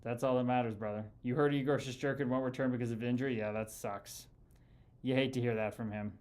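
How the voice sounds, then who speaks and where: A man's voice: medium pitch, steady tone, fast, a little mellow. A man hosting a casual livestream, reading viewer comments and arguing bluntly with a critic, calling people "brother" often. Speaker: livestream host.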